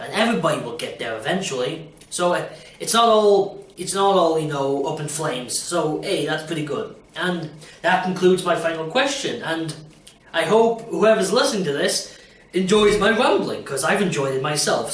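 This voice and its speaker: Far from the mic in an echoey room, a young man records himself talking casually about auditions and performing. He's an aspiring performer who rambles, jokes, and keeps saying "you know". His voice is a little high and a bit bright.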